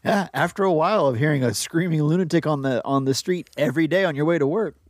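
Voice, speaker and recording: Podcast co-host, joking and quick with quips, mid-pitched, dry close recording. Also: no echo. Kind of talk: casual chat.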